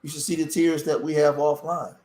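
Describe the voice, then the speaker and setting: A man's voice: on the high side, flat delivery, brisk, darkish tone. A man talking on a live stream, impassioned and rambling, often restarting his sentences. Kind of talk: emotional live-stream talk. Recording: roomy echo.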